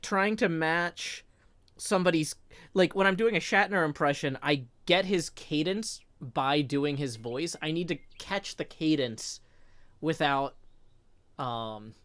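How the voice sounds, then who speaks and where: A man's voice: slow pace, fairly bright tone, clean tone, dry recording. A man with a Southern American twang, chatting casually on a stream, rambling and often restarting his sentences. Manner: rambling, restarts often, voice drops low while thinking.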